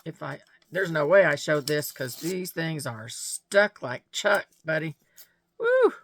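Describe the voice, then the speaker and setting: A slow-talking woman with a gravelly, low-set voice chats to camera in a casual vlog. She gushes over what she opens, laughing often and talking straight to her viewers. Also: animated, fairly bright tone, no room sound. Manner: gushing, chatty, laughs often. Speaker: vlogger showing mail and gifts.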